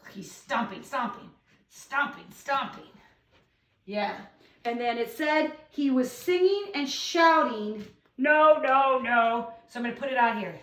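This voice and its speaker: A woman teacher giving an online lesson to young children, reading a poem aloud with slow, expressive emphasis. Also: a little high, echoey room, far from the mic.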